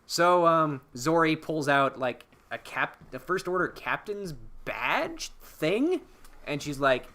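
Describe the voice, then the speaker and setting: A podcast host retelling a movie scene by scene with crude humor. His voice is very bright and keen-edged, set a touch high for a man, and it swings widely in pitch as he narrates. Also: slow pace. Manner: animated, profane storytelling with acted-out character quotes. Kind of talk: casual spoiler-filled film recap.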